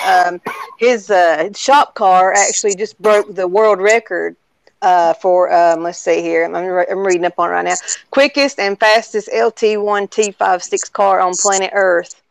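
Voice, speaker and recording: A woman's voice: mid-range voice, steady tone, a little slow, vocal fry, no room sound, low-quality recording. A woman in casual late-night chat on a remote call, chatty and easygoing.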